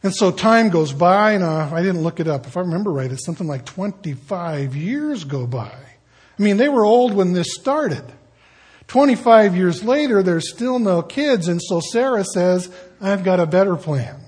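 A pastor preaches a casual sermon, telling stories conversationally and acting out the people in them. His voice is high yet husky with a darkish tone, animated and at a normal speed.

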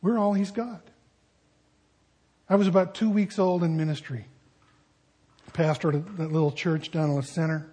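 A man's voice: on the high side, brisk, dark tone, breathy edge. A man preaching a sermon as pastor, conversational with joking asides.

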